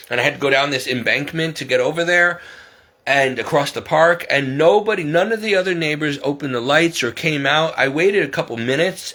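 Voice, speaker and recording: Bright-voiced man venting in a rambling vlog. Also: on the high side. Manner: rambling, exasperated, repeats himself. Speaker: vlogger. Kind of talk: casual storytelling monologue.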